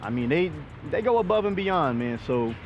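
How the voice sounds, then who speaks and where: A middle-aged man holds forth in blunt, profane rants, his voice sitting a little high. The audio is slightly dull, with faint traffic noise from outdoors near cars. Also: moderate pace. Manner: blunt, profane, animated ranting. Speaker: vlog host. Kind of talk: casual chat.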